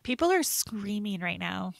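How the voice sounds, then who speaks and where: A woman co-hosting a podcast, playful and teasing, quick to laugh in casual chat. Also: mid-range voice, big pitch swings, vocal fry, dry recording. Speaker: podcast co-host.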